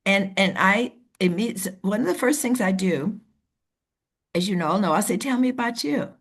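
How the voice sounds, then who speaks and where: A woman leading a team meeting over a video call. She coaches in an animated way and acts out the voices of the people she describes. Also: medium pitch, normal speed, slightly rough. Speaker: team leader. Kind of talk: motivational coaching talk.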